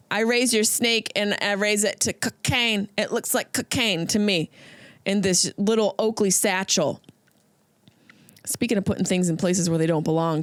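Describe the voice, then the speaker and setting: A woman's voice: mid-range voice, dry recording, studio quality. A woman comedian hosting her podcast, riffing through a comedic monologue and slipping into silly voices.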